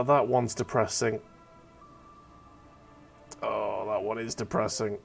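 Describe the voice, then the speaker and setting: A man's voice: fairly low pitch, flat delivery, slow, gravelly, long pauses, slightly rough, faint music behind. A man hosting a let's play, reacting casually, swearing and reading dialogue options aloud. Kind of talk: casual gameplay commentary.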